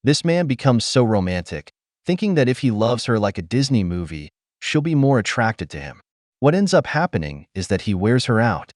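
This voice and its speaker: A commentary channel host gives blunt, lecturing opinion commentary as a voice-over, speaking straight to his viewers. His medium-pitched voice is very animated and a little mellow at normal speed, recorded with clean studio sound and no room sound.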